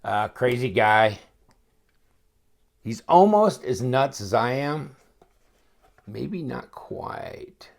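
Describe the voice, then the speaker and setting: A man's voice: mid-range voice, animated, extremely slow, creaky, long pauses. A man reviewing a knife in a casual unboxing chat, rambling and thinking aloud with wry, joking asides. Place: home, at his inspection table.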